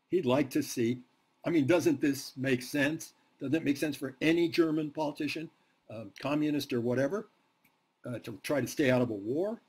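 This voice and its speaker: A man's voice: mid-range voice, darkish tone, slightly rough. A man giving a university history lecture to a class, emphatic and fond of rhetorical questions.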